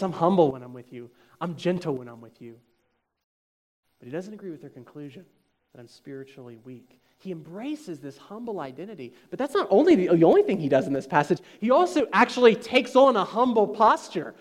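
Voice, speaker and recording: High-voiced man preaching a sermon. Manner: emphatic, rhetorical questions to the congregation. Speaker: pastor.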